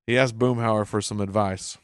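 A man's voice: lowish voice, fairly even intonation, normal speed, clear, resonant tone, no room sound, studio quality. A man hosting a casual episode recap, chuckling often as he reads out the captions. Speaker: show recap host.

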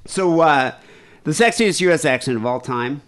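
A man's voice: fairly high pitch, expressive, moderate pace, fairly bright tone. A man hosting a podcast in casual chat, rambling and self-deprecating, with a somewhat nasal voice. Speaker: podcast host.

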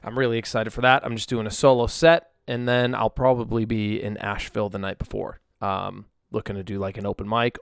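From home in Nashville, a man in his thirties who makes music hosts a solo podcast over a tablet and phone livestream. He's chatty and rambling, full of ums and self-corrections, with a smooth mid-range voice; the audio is studio quality with no room sound.

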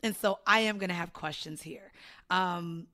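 A woman's voice: on the low side, normal speed, pushed and bright. A woman hosting a conversational interview, earnest and direct. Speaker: host.

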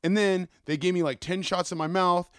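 A man's voice: high-pitched, fairly even intonation, moderate pace, smooth, no echo. A man hosting a podcast, telling rambling stories in a casual, profane monologue into a close mic. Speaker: podcast host.

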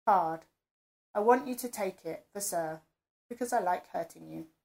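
A calm, commanding man, read by a woman. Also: fairly low pitch, a little slow, vocal fry. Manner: soft, coaxing and controlled.

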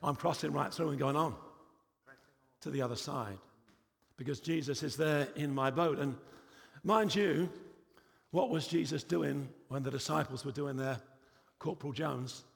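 A man's voice: a little high, unhurried, creaky, long pauses, long reverb tail. A man preaching a sermon in a church, emphatic and repetitive, with frequent rhetorical questions.

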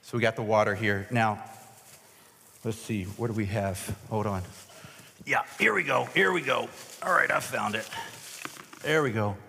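Casual pastor in a reverberant hall. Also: male voice, fairly low pitch, normal speed, vocal fry, pauses often, sharp tone, a little hiss or hum. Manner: casual, self-deprecating, joking with volunteers. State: voice cracking. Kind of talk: sermon with a live object lesson. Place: large hall with an audience.

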